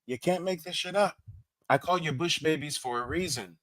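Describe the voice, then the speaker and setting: A man's voice: fairly high pitch, normal speed, fairly bright tone, low-quality recording. A man hosting a commentary channel, blunt and sarcastic as he mocks a clip. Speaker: host. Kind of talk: mocking commentary.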